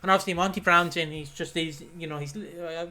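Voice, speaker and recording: A man's voice: on the high side, fairly even intonation, bright, forceful tone. A man co-hosting a wrestling podcast in casual chat, rambling and swearing freely. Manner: swearing, rambling, quick asides. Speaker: podcast co-host.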